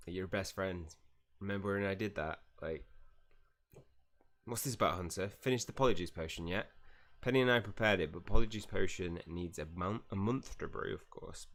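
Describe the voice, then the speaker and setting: A gaming streamer, male, gives live gameplay commentary in a low, slightly bright voice at a fairly quick pace. He chats casually, reads the game's dialogue aloud and laughs a lot.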